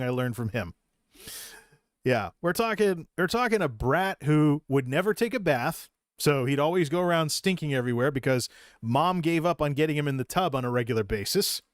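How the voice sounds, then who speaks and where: A man's voice: a little high, no echo. A man with a slightly raised voice recounts his past in a loose, rambling vlog monologue. He is self-deprecating and often restarts his sentences. The sound is close and dry, with no room around it. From Massachusetts. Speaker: vlogger. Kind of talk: personal storytelling monologue.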